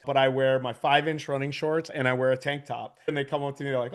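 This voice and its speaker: A man's voice: medium pitch, level tone, fast. A man in his forties talks as a podcast guest in a loose, casual way. He tells stories with lots of animation, laughs often and swears freely. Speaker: podcast guest, business owner. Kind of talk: casual storytelling.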